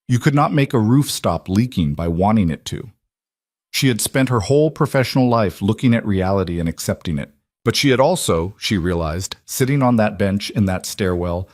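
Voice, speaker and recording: A man narrating a dramatic story in short, even, declarative sentences. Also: lowish voice, dry recording, studio quality.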